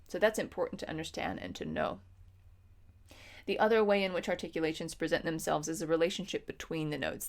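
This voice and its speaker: A woman's voice: deep voice, creaky. A woman music teacher explaining patiently in an instructional lesson, with frequent ums.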